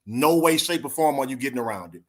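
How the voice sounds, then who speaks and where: A man's voice: medium pitch, lively intonation, fast talker. Forties male podcast co-host, earnest casual storyteller, mid-range voice. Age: 40s. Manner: earnest, addresses listeners directly.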